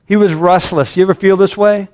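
A man's voice: sits high, steady tone, brisk, darkish tone. A man preaching a sermon as a pastor, earnest and caring, his voice rising when he reads scripture aloud.

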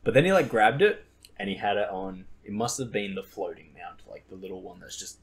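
Rambling young man, lively pitch. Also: brisk. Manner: rambling, laughs at own stories. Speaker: podcast host. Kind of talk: casual chat.

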